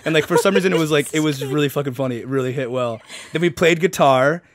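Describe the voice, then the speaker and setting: A man's voice: fairly high pitch, quick pace, a little hiss or hum. A young man, a guest comedian, telling a rambling story with lots of "like" and laughing often. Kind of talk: casual storytelling.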